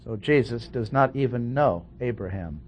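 A man's voice: mid-range voice, lively intonation, normal speed, slight background noise. A man preaching an expository sermon, reading Bible verses and stressing points methodically. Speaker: pastor.

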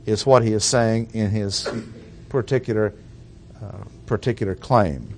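A man preaching a teaching sermon, explaining word meanings slowly and deliberately and asking rhetorical questions. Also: on the low side, gravelly, a little mellow. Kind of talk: sermon teaching on Bible language.

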